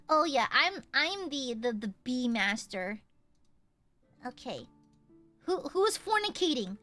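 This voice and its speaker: High-pitched animated woman streamer. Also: unhurried, long pauses, soft background music. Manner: animated and playful, melodramatic outbursts, swears freely. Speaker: VTuber streamer. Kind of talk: casual live gameplay chat.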